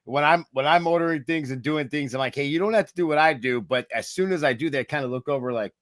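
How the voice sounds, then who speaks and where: A man's voice: a little high, quick pace, hardly any pauses, no echo, clean studio sound. A male podcast co-host chatting emphatically, telling a story with quoted back-and-forth dialogue. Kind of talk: casual podcast chat.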